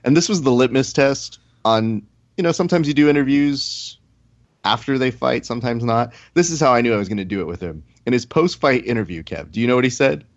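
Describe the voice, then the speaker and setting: Animated man telling stories on a podcast. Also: medium pitch, fairly quick, dull audio. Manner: animated storyteller, acts out quotes. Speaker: podcast host. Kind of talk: casual chat.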